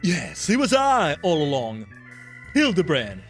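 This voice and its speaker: A man voicing a flamboyant, grandiose male gentleman inspector from a video game, declaiming theatrically. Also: a little high, wildly swooping pitch, unhurried, faint music behind, pitched above the performer's own voice, full character voice.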